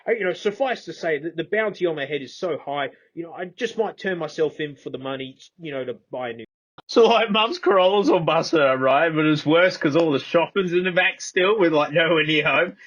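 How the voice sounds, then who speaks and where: A man's voice: fairly high pitch, brisk, fairly bright tone. An Australian man rambling through a comic monologue in slangy, casual speech. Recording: slightly dull, muffled recording.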